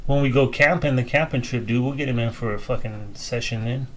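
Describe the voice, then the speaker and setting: A man in his forties hosting a casual podcast, talking loosely with plenty of swearing and turning quietly emotional at times. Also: mid-range voice, fairly quick, a crowd in the background. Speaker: podcast host.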